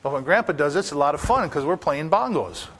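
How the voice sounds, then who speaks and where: A man's voice: fairly high pitch, expressive, fairly quick, fairly bright tone, a little hiss or hum. An older man, a pastor, preaching a sermon in a folksy, anecdotal way, asking the congregation rhetorical questions.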